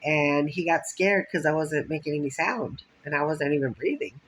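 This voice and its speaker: A woman's voice: low-pitched, normal speed, husky, rough recording. Rambling, profane woman vlogger. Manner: rambling, profane, laughs often. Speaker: vlogger telling stories. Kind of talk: casual storytelling monologue. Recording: faint background noise.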